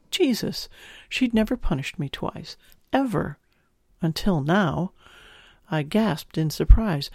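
Male audiobook narrator, first person, intimate and expressive, gravelly edge, dead-dry close mic. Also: a little high, no echo.

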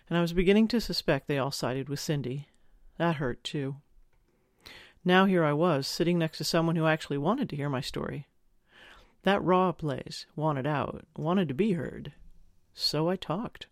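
A man's voice: fairly high pitch, moderate pace, no room sound. A man narrating a first-person story in a confessional, wry manner on a close mic. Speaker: audiobook narrator.

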